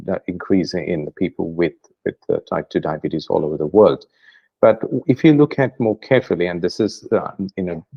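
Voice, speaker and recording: A man's voice: low voice, vocal fry, darkish tone, husky, lo-fi sound. A middle-aged man with an Indian accent giving an online medical lecture, hesitant with many fillers and restarts. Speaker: doctor giving a guest lecture.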